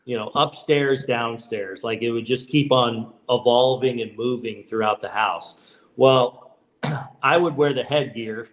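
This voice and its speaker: A man in his fifties, a baseball manager and guest, telling stories in relaxed podcast chat, with frequent restarts. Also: mid-range voice, unhurried. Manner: relaxed, many restarts and "you know"s. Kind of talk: casual podcast storytelling.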